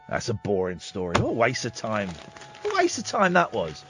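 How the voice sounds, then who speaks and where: A man's voice: medium pitch, huge pitch swings, normal speed, soft background music. A man hosting a radio show, chatting in a sarcastic, self-mocking, jokey way from the studio. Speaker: radio host. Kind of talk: late-night radio chat.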